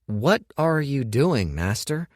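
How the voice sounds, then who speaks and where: A man's voice: medium pitch, very animated, takes it slowly, dry recording, voice pushed up. A man voicing a wry young male apprentice who makes dry, skeptical remarks.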